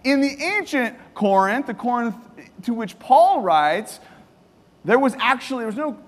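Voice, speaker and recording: A man preaching a sermon to a congregation, lively and joking, asking them questions and repeating their answers. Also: very high voice, a little slow, big-room sound. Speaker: pastor. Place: church hall.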